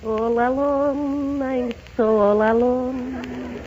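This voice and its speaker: A comedienne playing a comic Empress Josephine with a mock French accent in a 1930s radio comedy sketch, drawn-out and slow. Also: female voice, high-pitched, steady tone, darkish tone. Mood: mock dramatic. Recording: muffled old radio broadcast with hiss.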